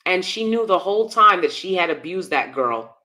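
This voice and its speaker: A woman's voice: on the low side, expressive, normal speed, sharp tone. A woman hosting live-stream commentary, blunt and emphatic, often repeating herself. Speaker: commentary channel host.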